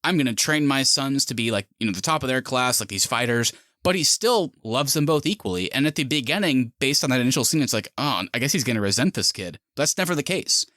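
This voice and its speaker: Brief: animated male podcast co-host, expressive pitch, dry studio sound. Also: no echo. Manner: animated, quick asides and voiced reactions. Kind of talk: casual movie discussion.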